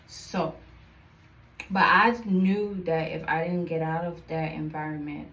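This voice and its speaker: A young woman telling a personal story to camera in a chatty, animated way, full of fillers. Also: low-pitched, vocal fry, a little hiss or hum, low-quality recording. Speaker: vlogger. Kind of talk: casual storytime.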